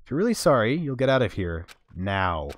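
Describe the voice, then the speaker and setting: A man's voice: medium pitch, sing-song, a little fast, no echo, close to an everyday voice. A man voicing a cold, composed young female detective who speaks curtly. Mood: stern. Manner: curt, stern.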